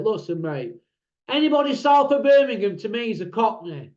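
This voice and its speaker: A man's voice: high voice, animated, a little fast, darkish tone. A man with a northern English accent, hosting his own channel in a blunt, mocking, combative rant to camera. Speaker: channel host. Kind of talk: ranting monologue to camera. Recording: roomy, dull lo-fi sound.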